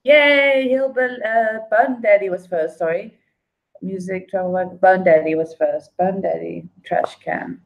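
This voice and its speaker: A woman hosting a casual trivia night, reading each question slowly and twice, with laughing apologies and humming between questions. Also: mid-range voice, vocal fry, lo-fi sound. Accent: non-local accent. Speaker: trivia quiz host.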